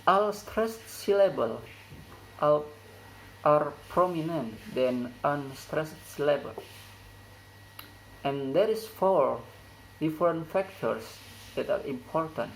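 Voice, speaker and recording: Young male student, first language Indonesian, unhurried lesson read, gravelly edge, faint hiss behind. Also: a little high, animated, rough recording. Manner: slow, careful reading with stumbles over phrasing. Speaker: student presenter. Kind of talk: read classroom presentation.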